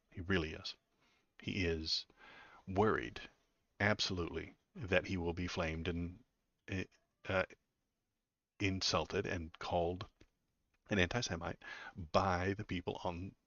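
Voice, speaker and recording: A man with a very deep voice gives live political commentary, sardonic and halting, full of fillers and repeated words. The sound is dry and close with no room. His mic is a little dull and lo-fi. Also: bright, forceful tone, no echo. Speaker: political streamer.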